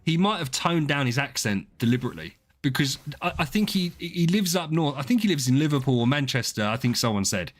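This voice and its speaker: Brief: male streamer, casual rambling chat, animated rise and fall. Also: a little high, brisk, hardly any pauses. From southeast England. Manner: chatty, rambling, swears, reads out viewer names. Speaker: game streamer.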